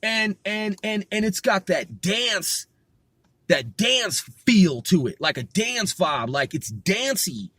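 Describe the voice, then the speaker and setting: A man's voice: sits high, sing-song, slow, a bit bright, breathy edge, no room sound. A man rapping and explaining his flow in a loose, rambling way, with many restarts and casual swearing. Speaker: rapper. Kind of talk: casual rehearsal talk with rapped lines.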